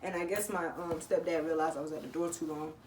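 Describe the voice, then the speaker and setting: A teenage girl with a low voice tells a story casually, lively and laughing often, jumping into the voices of people in it. Her voice comes through an echoey room with a faint hum of ambience behind it. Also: quick pace, recorded from a distance. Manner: animated, laughing, swearing, acting out quotes. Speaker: vlogger telling a story.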